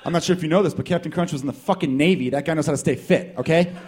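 A man doing a stand-up comedy set, riffing with profane, animated delivery in front of a small live crowd. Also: a little high, racing, breathy edge.

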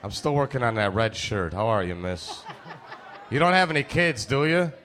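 Brash, bright-voiced stand-up comedian. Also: male voice, medium pitch, lively intonation, moderate pace. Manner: brash, crude, playful crowd work.

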